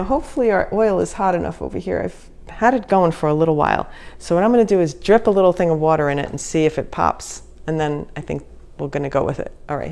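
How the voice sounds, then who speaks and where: A woman's voice: fairly low pitch, vocal fry, darkish tone, slight background noise, low-quality recording. A woman chatting casually while demonstrating a recipe in her home kitchen, giggling and laughing at herself often. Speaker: home cooking vlogger.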